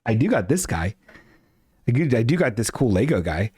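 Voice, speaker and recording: A man's voice: medium pitch, sing-song, moderate pace, darkish tone, husky, no echo. A man hosting a live-streamed show, chatting casually and reading chat aloud in a flustered, rambling way. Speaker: podcast host.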